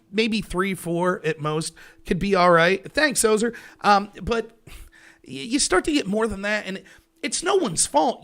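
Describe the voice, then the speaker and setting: A man's voice: sits high, bright, forceful tone. A man in his thirties with a Pittsburgh accent, hosting a livestream and chatting loosely with viewers. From Pennsylvania, USA. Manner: rambling, loose, chuckling often. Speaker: livestream talk show host. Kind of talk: casual solo chat with viewers. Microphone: headset.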